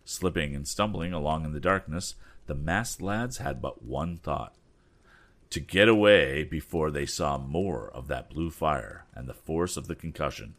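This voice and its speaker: A man reading a story aloud with relaxed, chatty asides. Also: measured pace. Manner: voices the boys' lines with raised pitch. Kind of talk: casual read-aloud narration with asides.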